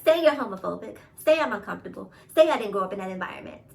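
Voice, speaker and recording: A woman's voice: mid-range voice, animated, very fast, gravelly, darkish tone, distant mic, rough recording. A woman with a New York accent giving casual opinion commentary, emphatic, repeating her points and laughing often. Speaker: commentary vlogger.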